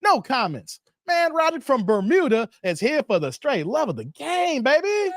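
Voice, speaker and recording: A man's voice: extremely high pitch, huge pitch swings, normal speed, a bit bright. A man hosting a live stream and reading chat comments, talking in a teasing, playfully exasperated way.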